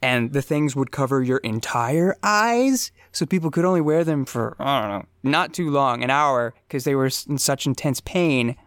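Man, podcast co-host, relaxed chat, chuckles, dry close sound. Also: medium pitch, no room sound. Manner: relaxed, explains slowly, chuckles. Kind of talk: casual comedic chat.

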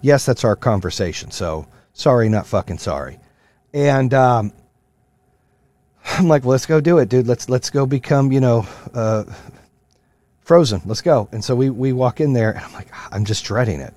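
A man in his thirties or forties hosting a podcast, ranting with lots of profanity in a fired-up motivational way, then dropping to a low, quieter voice for stories. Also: animated, moderate pace. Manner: swings from loud rants to low, quieter storytelling. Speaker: podcast host. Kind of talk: casual monologue.

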